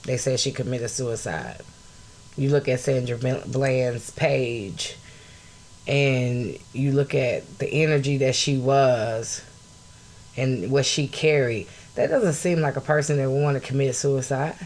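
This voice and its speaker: An outraged woman hosting a solo podcast, her voice climbing from low, steady talk to loud shouting. She speaks bluntly, swears often and stops to greet her viewers. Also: unhurried. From United States. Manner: greets live chat viewers mid-talk. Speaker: podcast host.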